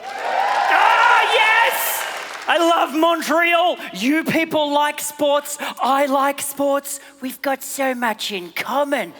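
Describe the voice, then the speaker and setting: A piercingly high, wildly swooping puppet comic, voiced by a man, yelps and rants through his stand-up set with a sharp, bright bite. He curses freely and shrieks at the punchlines. The sound comes from a live stage mic, with a faint hum of the venue behind him. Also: drawn-out words, long reverb tail, soft background music, some chatter behind, exaggerated voice. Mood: manic. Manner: shrieking, excitable, sweary. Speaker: stand-up comedian. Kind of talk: stand-up comedy. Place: large theater stage.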